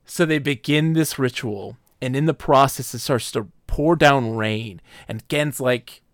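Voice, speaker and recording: A man co-hosting a podcast, retelling a book's plot in casual chat, jumping into quick character voices. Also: mid-range voice, no echo, clean studio sound. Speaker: podcast co-host.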